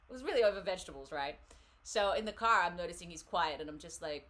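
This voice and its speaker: A woman's voice: low voice, animated, fast, fairly bright tone, slight background noise. A woman hosting a live tarot reading, talking casually and rambling with frequent laughs. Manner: chatty, rambling, laughs often.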